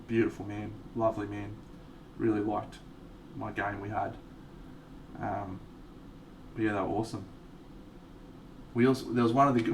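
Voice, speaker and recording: An Australian man streaming live, chatting casually with viewers, swearing freely and laughing often. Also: on the low side. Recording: distant mic, faint background noise.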